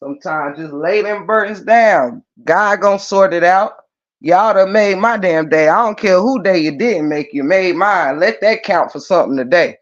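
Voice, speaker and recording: A man talks to his livestream viewers in an animated, preachy way. His voice sits high for a man. The stream audio sounds muffled and lo-fi. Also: normal speed. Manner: animated preachy talk, addresses viewers directly. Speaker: livestream host. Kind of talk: casual livestream chat.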